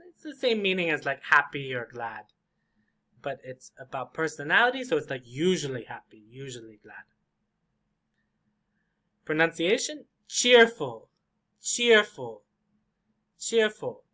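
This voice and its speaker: A man gives an English lesson, drawing out every word at a slow, patient pace. His pitch swings widely as he models pronunciation, and his tone is bright and clear. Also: sing-song. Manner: slow, repeats each word many times for drilling; acts out short example conversations. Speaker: English teacher.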